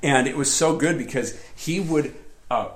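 A man preaching a sermon in a lively storytelling way, often laughing as he tells personal stories. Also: mid-range voice, moderate pace. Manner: animated, laughs often while telling stories. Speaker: pastor.

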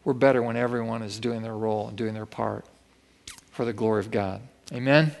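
A man's voice: on the low side, steady tone, brisk, gravelly. A man preaching a sermon, telling a story vividly and acting out the quoted lines. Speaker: pastor. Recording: long reverb of a church hall.

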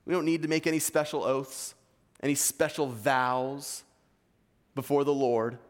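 A man's voice: medium pitch, little pitch movement, unhurried. Man preaching in a reverberant hall. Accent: East Coast American. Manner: earnest, emphatic preaching with Bible reading. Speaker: pastor. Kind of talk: sermon.

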